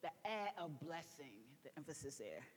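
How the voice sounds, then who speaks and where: A vocal coach leads a choir through a gospel song, speaking instructions and breaking into sung demonstrations during the singing lesson. Her voice sits low and sing-song at a moderate pace, trailed by a long reverb.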